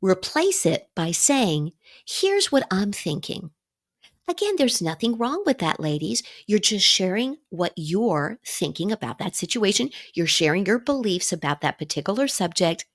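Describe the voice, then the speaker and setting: A woman's voice: medium pitch, very animated, moderate pace, hardly any pauses. A middle-aged woman hosts a solo coaching podcast. Her delivery is upbeat and encouraging, and she speaks straight to her listeners as if chatting with friends. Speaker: podcast host.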